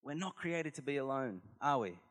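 Aussie guy preaching, earnest and chatty, mid pitch, long echo tail. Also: lively intonation, normal speed, fairly bright tone. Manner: earnest, conversational, storytelling. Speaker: pastor. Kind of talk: sermon.

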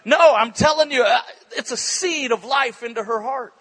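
A male preacher telling a story in an animated, excitable sermon at a church conference, breaking into bursts of shouting. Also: very high voice, normal speed, breathy edge, low-quality recording.

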